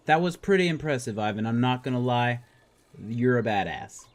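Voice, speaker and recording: A man's voice: fairly low pitch, brisk. A man hosting a let's play, reading game dialogue aloud with jokey asides. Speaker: gaming video host.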